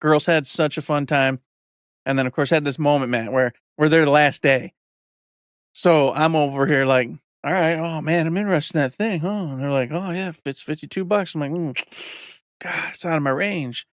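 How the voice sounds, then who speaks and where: Smooth-voiced man in his forties. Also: on the high side, moderate pace, no echo, clean studio sound. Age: 40s. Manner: rambling storyteller, acts out quotes. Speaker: podcast co-host. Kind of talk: casual chat.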